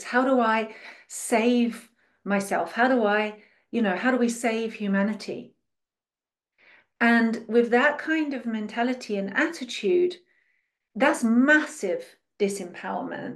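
A woman giving a spiritual teaching monologue. She asks many rhetorical questions and dramatizes how other people think. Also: medium pitch.

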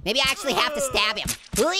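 Amid crowd noise, the performer voices the cheeky, hyper male orange in a natural, medium-pitched voice that swings widely and moves fast. He giggles, makes puns and chatters nonstop while playing, keeping the cartoon let's-play playful.

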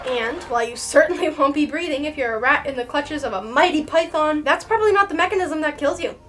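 A young woman hosting an educational video, explaining things in a lively, playful and sarcastic way with dramatic emphasis. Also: high-pitched, fast talker, slight background noise. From Canada. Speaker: reptile educator and channel host.

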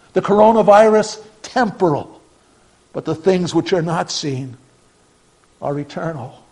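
High-voiced male pastor preaching earnestly. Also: rough recording. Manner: earnest preaching, swings from emphatic to hushed. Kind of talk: sermon.

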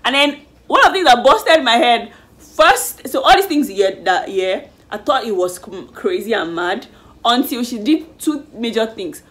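A woman chatting casually in a lively, animated way as she reviews a reality show. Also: on the high side, unhurried. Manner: lively, animated retelling with slang. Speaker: YouTube reviewer.

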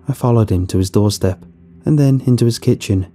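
A man reading a horror story aloud as scripted narration, in a steady, measured way. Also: mid-range voice, faint music behind.

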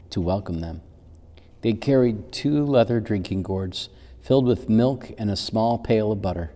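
In the church hall, a male pastor reads a children's story gently and without hurry. His low, mellow voice leaves a long reverb trailing behind it.

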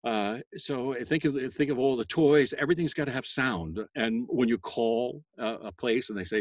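A voice actor talking casually to a school class, chatty and self-deprecating, with many fillers and bursts of a loud sales voice. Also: male voice, mid-range voice, normal speed, no echo. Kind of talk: casual interview talk.

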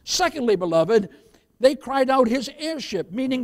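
A male pastor preaching a sermon, calling his listeners "beloved" and swinging from loud emphasis to hushed asides. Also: very high-pitched, very animated, normal speed.

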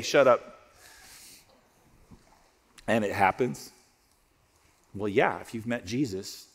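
A man preaching a sermon as pastor, conversational and joking, dropping to soft prayerful tones. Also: mid-range voice, in a large hall. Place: church auditorium.

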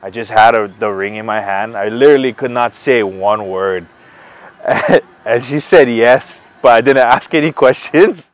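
A young man telling the story of his engagement in a casual interview, halting with many fillers and sincere. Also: medium pitch, rough recording. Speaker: groom-to-be interviewed for an engagement video.

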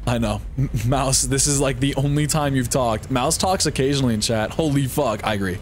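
A man streaming a horror game live, reacting in a goofy, excitable way and often yelping up high. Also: a little fast. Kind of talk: live gameplay commentary. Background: game music.

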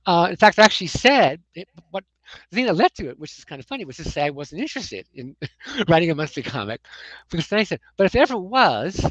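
A woman's voice: on the low side, very animated, fast, husky, no room sound, dull audio. American woman rambling thru a story, lots of you knows, dry close sound. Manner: rambling anecdotes, lots of "you know" and chuckles. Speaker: comics writer, guest. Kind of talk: casual storytelling interview.

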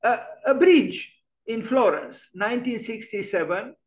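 A man's voice: high-pitched, expressive, unhurried, poor audio. A man giving an online lecture on architecture, musing and emphatic, often restarting his sentences. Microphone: video call.

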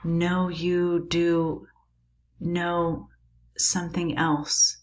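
Frail dying old man, read by a woman: thin raspy whisper, slow and low. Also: monotone, a little mellow. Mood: faint, tender. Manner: short breathy bursts, near whisper. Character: dying old male professor, weak and tender.

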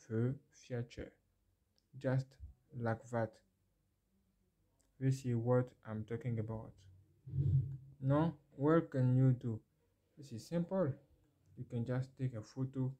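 This is a screen-recorded walkthrough in which a man with a warm, mid-range voice teaches a phone tech tutorial. Addressing viewers with direct questions, he moves through the steps, repeats phrases, and gets excited about the outcomes.

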